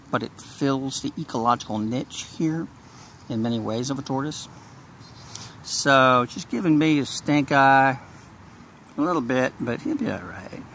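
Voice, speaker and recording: Southern guy from texas rambling on his outdoor nature vlog, bright forward voice, bit of outdoor noise. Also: medium pitch. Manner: folksy and rambling, talking to viewers. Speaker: nature vlogger. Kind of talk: casual outdoor vlog narration. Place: outdoors in marsh near a bridge.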